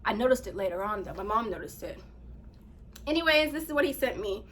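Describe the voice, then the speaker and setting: A woman vlogger casually telling a story to her viewers, animated, laughing often and reading text messages aloud. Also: medium pitch, brisk, a little hiss or hum.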